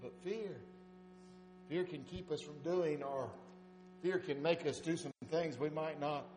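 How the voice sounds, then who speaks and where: A man preaching a sermon, telling folksy stories and swinging between loud urging and soft asides. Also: fairly high pitch, fairly even intonation, unhurried. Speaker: pastor.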